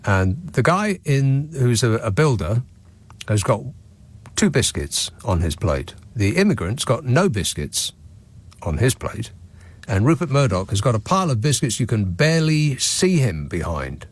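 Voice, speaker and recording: A man's voice: mid-range voice, big pitch swings, unhurried. A man with a British accent hosting a phone-in radio show, talking in a wry, sardonic way from a studio mic. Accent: British English. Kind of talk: late-night call-in radio chat. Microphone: studio microphone.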